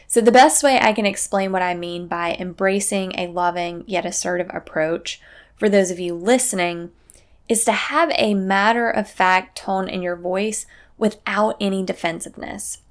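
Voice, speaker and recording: A woman hosting a parenting podcast, giving calm, matter-of-fact advice in a scripted solo talk. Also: mid-range voice, normal speed.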